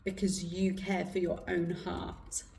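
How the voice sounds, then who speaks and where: A woman giving an intuitive card reading in a slow, soft, reflective way with pauses, her throat going hoarse, recorded indoors. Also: lowish voice, little pitch movement, slight background noise. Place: indoor room with incense burning. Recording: roomy, distant mic.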